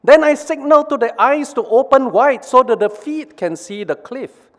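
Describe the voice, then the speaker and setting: A man's voice: very high-pitched, moderate pace, a bit bright, long reverb tail, voice pushed up. A man doing a bossy, exasperated brain. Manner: scolding, raised and strained.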